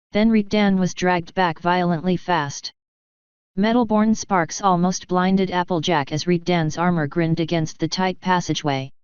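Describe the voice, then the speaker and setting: A woman reading a fanfiction story aloud in a measured, dramatic narration. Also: lowish voice, a little mellow, clean tone, no echo. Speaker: fanfiction reader. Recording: slightly dull lo-fi recording.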